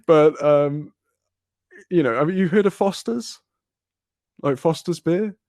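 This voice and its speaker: A man's voice: fairly high pitch, takes it slowly, a little mellow, no room sound, studio quality. A man telling a long casual story on a podcast, rambling, swearing and laughing often. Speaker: podcast host.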